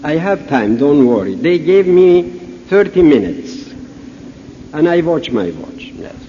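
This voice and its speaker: An older Persian man speaks unhurried, halting English, acting out both sides of a conversation as he tells a funny story. His voice sits high for a man. The recording is muffled and lo-fi, with a long hall echo and a faint hiss. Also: big pitch swings, warm tone. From Iran. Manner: halting non-native English, storytelling with dialogue. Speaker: conference speaker. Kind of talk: humorous anecdotal speech. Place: large conference hall. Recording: echoey hall, dull lo-fi audio, faint hiss.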